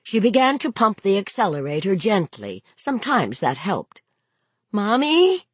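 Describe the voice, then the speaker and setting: Husky woman reading a novel aloud. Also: mid-range voice, big pitch swings, moderate pace, no room sound. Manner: dramatic, varied delivery. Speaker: audiobook narrator. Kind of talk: expressive novel narration.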